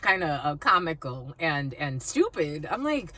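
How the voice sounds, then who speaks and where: Brief: female psychic vlogger, casual and foul-mouthed, lively swings in pitch. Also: measured pace, dry recording. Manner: blunt and profane, calls viewers "my lovies". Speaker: psychic card reader. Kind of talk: casual storytelling to viewers.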